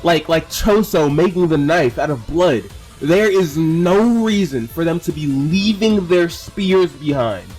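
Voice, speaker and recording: A man's voice: a little high, animated, a little slow, a little mellow, soft background music. A young man giving an exasperated, casual reaction rant as a commentator, stumbling over repeated words and swearing.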